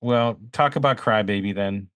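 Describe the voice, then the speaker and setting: A man's voice: on the low side, normal speed, a bit bright, clean tone, no room sound. A man co-hosting a podcast, chatting about music and bantering with mock indignation. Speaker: podcast co-host. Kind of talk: casual music review chat.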